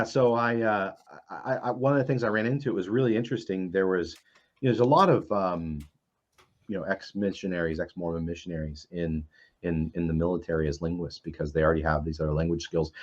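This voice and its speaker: Low-voiced man, rambling, dull lo-fi audio. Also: quick pace, a little mellow. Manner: rambling storyteller with many fillers. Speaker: panelist. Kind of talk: casual panel chat.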